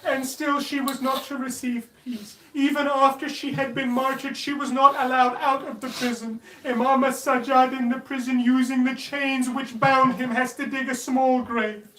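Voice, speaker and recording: A man's voice: extremely high pitch, level tone, moderate pace, hardly any pauses, fairly bright tone. A man narrating a sad religious story to children with mournful, dramatic feeling in a mosque hall. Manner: mournful, dramatic narration building to anguished cries. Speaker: majlis speaker. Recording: echoey hall, mic at a distance.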